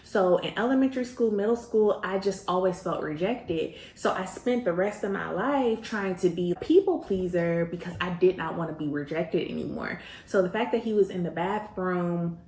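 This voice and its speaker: Animated woman storyteller in a roomy space. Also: on the low side, normal speed, hardly any pauses, slight background noise. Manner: animated, slangy, acts out quoted voices. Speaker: host. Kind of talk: personal storytelling.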